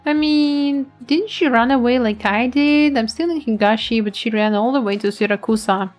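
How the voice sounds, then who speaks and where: Young rebellious daughter, exasperated, read by a woman, slightly high voice. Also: normal speed, soft background music, lightly acted.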